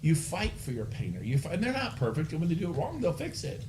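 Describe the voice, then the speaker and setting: Animated man coaching a room of agents. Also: a little high, fast talker, noisy background. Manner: energetic, animated storytelling. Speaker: real estate trainer. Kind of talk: live training talk to agents. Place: room with a live audience.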